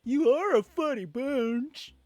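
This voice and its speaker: A man doing a loud, jovial stout soldier. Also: very high-pitched, lively intonation, slow, faint music behind, voice pushed up, heavily acted.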